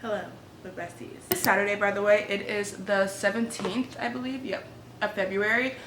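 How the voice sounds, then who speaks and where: A young woman in her twenties chatting excitedly to her viewers at home for a casual reading vlog. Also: medium pitch, normal speed, over loud music. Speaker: book vlogger.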